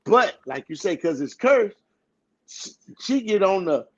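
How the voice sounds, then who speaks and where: A man's voice: sits high, very animated, measured pace. A man with a Houston accent, a podcast co-host in casual chat, loose and joking as he acts out heated lines. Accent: Southern US, Houston. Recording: dull lo-fi sound.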